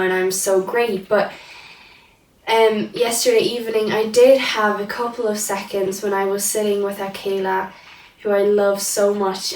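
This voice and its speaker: A young woman recording a personal diary vlog, speaking in an earnest, searching way and repeating gentle affirmations. She sits back from the microphone in a roomy, echoing space with a faint hiss underneath. Her voice sits at an ordinary middle pitch. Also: far from the mic. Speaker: vlogger. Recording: echoey room from off-mic, faint hiss.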